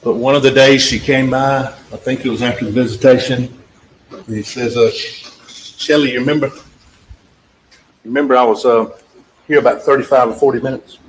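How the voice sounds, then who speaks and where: A man's voice: mid-range voice, steady tone, normal speed, long pauses. Emphatic man addressing a jury. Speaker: trial attorney. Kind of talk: closing argument to a jury. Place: courtroom. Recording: echoey courtroom audio with faint background noise.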